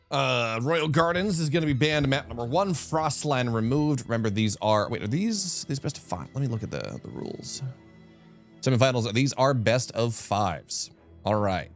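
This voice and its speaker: Male esports caster on stream, mid-pitched, lively and chatty, faint music underneath. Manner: animated, chatty, rambling asides. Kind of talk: live-streamed esports commentary.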